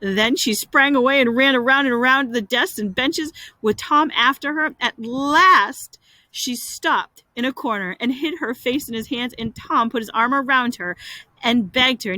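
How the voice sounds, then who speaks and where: A woman reading a classic story aloud with expressive delivery, dropping in wry casual asides. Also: on the high side, unhurried, dry recording, low-quality recording. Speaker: reader.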